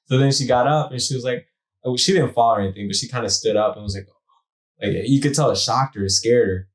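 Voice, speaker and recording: Young guy on a podcast, animated and slangy, acts out every quote, plain mid voice. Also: medium pitch, fast. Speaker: podcast co-host, new father. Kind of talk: casual storytelling chat.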